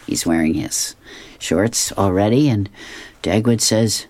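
A man's voice: lowish voice, a little slow, a little mellow. A man reading comic strips aloud, describing each panel and chuckling often. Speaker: reader.

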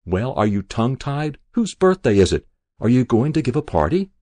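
A man reading aloud, voicing a sharp-tongued, stubborn old woman on her deathbed. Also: medium pitch, very animated, normal speed, no room sound, lightly acted. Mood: testy. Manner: querulous, scolding. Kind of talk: audiobook reading.

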